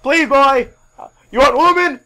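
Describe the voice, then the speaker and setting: A man impersonating a brash, aging male wrestler who shouts, whoops and begs loudly. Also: very high voice, a little slow, slight background noise, pitched above the performer's own voice, full character voice. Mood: begging.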